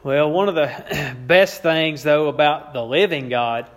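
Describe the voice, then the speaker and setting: A man's voice: fairly high pitch, a little slow. A man preaching a sermon, with an emphatic, repetitive cadence and a touch of wry amusement. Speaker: pastor.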